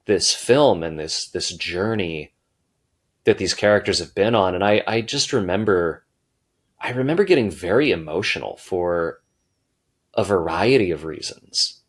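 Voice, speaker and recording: Man, fairly low voice, podcast guest, reflective, casual, swears. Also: lively intonation, measured pace.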